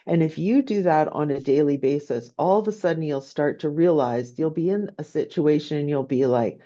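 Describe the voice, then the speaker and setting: A woman's voice: low-pitched, normal speed, few pauses, warm tone, highs cut off. A woman business professor giving a conversational online lecture, often checking in with "right?". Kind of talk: online lecture answering questions.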